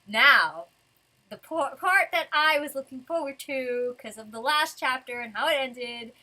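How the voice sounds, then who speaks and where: A woman's voice: a little high, pushed and bright. A young woman reviewing a comic chapter in casual, rambling fan commentary, swearing now and then. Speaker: manga reviewer.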